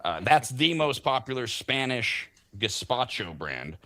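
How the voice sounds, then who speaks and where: A man's voice: medium pitch, very animated, measured pace, bright, forceful tone, no room sound. A man hosting a morning talk show, chatting and joking while reading out food news. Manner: chatty, jokey, reads product news aloud. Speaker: parent. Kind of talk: casual morning radio banter.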